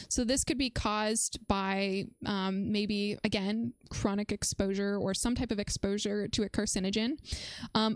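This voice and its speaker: A woman's voice: mid-range voice, no echo, clean studio sound. A woman live-streaming as she reviews a research paper, chatting playfully with viewers and breaking her explanations with fillers and restarts.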